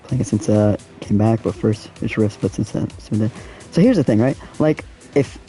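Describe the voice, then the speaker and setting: Over soft background music, a young man speaks in a lowish, warm, expressive voice at a moderate pace. He's a gaming streamer playing a racing game and chatting with viewers in slangy, casual live-stream commentary.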